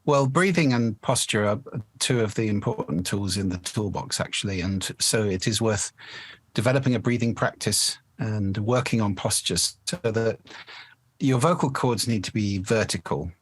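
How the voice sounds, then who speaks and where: Low, husky man explaining voice technique. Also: normal speed. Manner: demonstrative, shifts resonance to show voice placement. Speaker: guest speaking coach. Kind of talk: podcast interview, explanatory.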